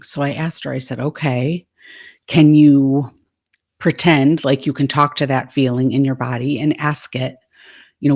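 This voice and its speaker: A woman's voice: very deep voice, gravelly, a little mellow. A woman life coach in a casual monologue, retelling a session and quoting the dialogue back and forth.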